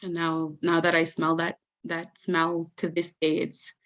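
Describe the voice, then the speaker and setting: A young adult woman telling funny family stories as a guest storyteller at a live event, animated and laughing often. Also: on the low side, a little slow. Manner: animated, laughs often, acts out family members in raised voices.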